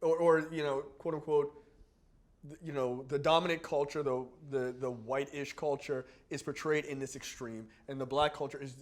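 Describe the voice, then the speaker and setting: A man co-hosting a film review podcast in casual chat, animated, swearing and laughing often. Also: mid-range voice, normal speed. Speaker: podcast co-host reviewing films.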